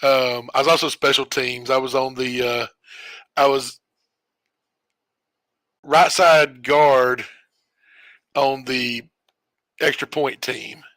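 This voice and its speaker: A man with a bright, forceful voice tells a meandering story while playing a game. He backtracks, corrects himself and chuckles along the way. The sound is dry and close. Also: mid-range voice, steady tone, takes it slowly, long pauses, no echo. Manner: rambling, self-correcting storyteller who chuckles often. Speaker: streamer. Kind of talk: casual storytelling while gaming.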